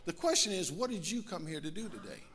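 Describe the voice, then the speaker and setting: Fervent preacher, high lively voice. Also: male voice, fast. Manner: builds from quiet musing to fervent shouted preaching. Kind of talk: sermon. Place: church sanctuary.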